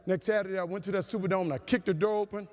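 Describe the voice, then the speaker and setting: A man giving a humorous motivational keynote to a conference crowd, with an animated, preacher-like cadence. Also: high voice, rapid-fire. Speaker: motivational speaker. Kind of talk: storytelling keynote speech. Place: large conference hall. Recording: long hall reverb.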